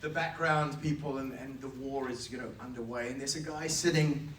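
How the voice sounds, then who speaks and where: A man on a film cast panel telling an anecdote, animated and acting out the voices he quotes. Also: mid-range voice, normal speed. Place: large convention hall. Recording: echoey hall, distant mic, crowd noise.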